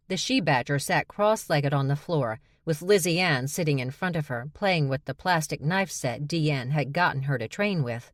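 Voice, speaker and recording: Low-voiced woman audiobook narrator. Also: expressive, normal speed, hardly any pauses, dry recording, clean studio sound. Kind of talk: scripted narration.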